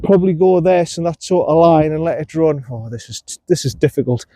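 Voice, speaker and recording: Male golf vlogger, high mellow voice, casual self-talk on the course. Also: a little fast, no echo. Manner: talks to himself and the viewer between shots, self-coaching.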